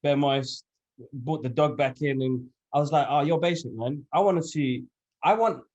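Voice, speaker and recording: A man, co-hosting a casual podcast chat, animated and slangy. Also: medium pitch, moderate pace, lo-fi sound. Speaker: podcast co-host.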